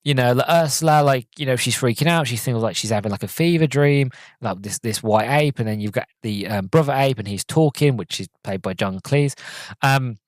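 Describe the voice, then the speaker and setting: A man's voice: mid-range voice, fairly quick, no echo. Rambling young man reviewing a film. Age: 20s. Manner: rambling, many fillers and restarts. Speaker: podcast host.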